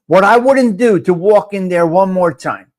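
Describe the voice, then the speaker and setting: Loud, cursing host. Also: male voice, high voice, moderate pace. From North Jersey. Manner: loud, profane, talks to viewers by name. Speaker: live show host. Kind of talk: casual live-stream chat.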